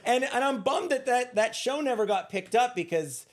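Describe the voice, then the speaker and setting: A man's voice: extremely high pitch, expressive, moderate pace. A man from Los Angeles, a guest on a podcast, talking eagerly in casual chat and often restarting his sentences. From Los Angeles, USA.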